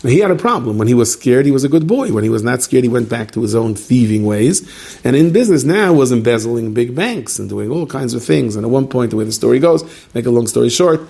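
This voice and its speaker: A man preaching as a rabbi, his voice gravelly and husky. He tells a long story in a casual, chatty way, dropping in jokes and Yiddish and Hebrew words. His pitch sits in an ordinary middle range. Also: expressive, fast talker, dark tone. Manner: conversational, with joking asides. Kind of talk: storytelling sermon.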